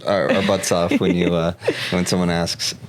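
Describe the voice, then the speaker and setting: A man in his thirties telling a story in casual chat, animated, laughing often and acting out the dialogue. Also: deep voice, normal speed. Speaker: guest.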